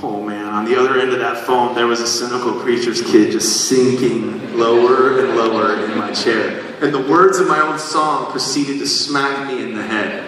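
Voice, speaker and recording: A singer on stage telling the audience a personal story, animated and self-deprecating. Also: male voice, medium pitch, moderate pace, a crowd in the background. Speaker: singer addressing a concert audience. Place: large concert venue. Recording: echoey live hall, taken from far off.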